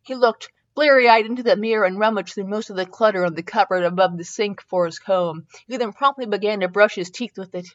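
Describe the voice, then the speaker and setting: A woman reads a fan fiction story aloud as a podcast host, amused and slightly stumbling over words. Her voice sits at a middling pitch, and the recording is a little dull and lo-fi. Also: fairly quick, hardly any pauses. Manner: amused, with small stumbles and laughs.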